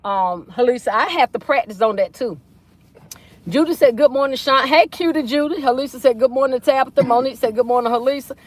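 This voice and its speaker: A woman's voice: high-pitched, brisk, dry recording. A chatty woman hosts a livestream from her car. She reads viewer comments aloud in a folksy, easygoing way. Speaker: livestream host. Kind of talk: casual livestream chat reading comments. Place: inside a car.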